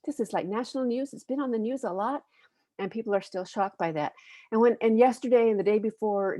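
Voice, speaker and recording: A woman from the United States, a panelist and educator, presenting children's books in a reflective, earnest way, often pausing to find her words. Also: medium pitch, darkish tone, no echo.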